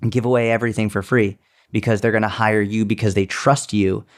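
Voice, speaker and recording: A man with a lower voice and steady tone speaks a little fast as a podcast co-host, also known as a seminar speaker and fitness business coach. His casual chat is blunt and full of swearing, and he mocks others with exaggerated quotes.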